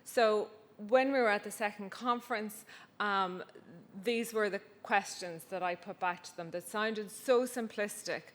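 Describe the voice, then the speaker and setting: A woman's voice: mid-range voice, a little slow, fairly bright tone. A woman giving a conference talk with slides, wry and anecdotal, with many fillers. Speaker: conference speaker. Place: conference hall. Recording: reverberant hall.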